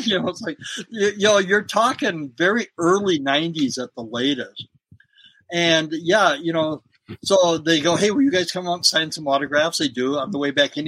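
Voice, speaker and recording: A man's voice: on the high side, pushed and bright, slightly rough, dry recording, rough recording. A middle-aged man, a former wrestler, telling road stories in a casual interview and laughing often. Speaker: guest, former pro wrestler.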